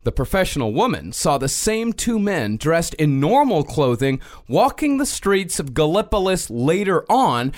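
Male podcast co-host, animated reader, higher pitch, measured storytelling. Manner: storytelling, measured reading of notes. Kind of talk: reading a paranormal story in casual chat.

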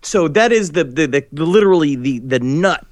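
A man's voice: on the high side, lively intonation, moderate pace, no room sound. A man co-hosting a podcast in casual chat, rambling and jokey, with crude humor and lots of restarts. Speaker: podcast co-host.

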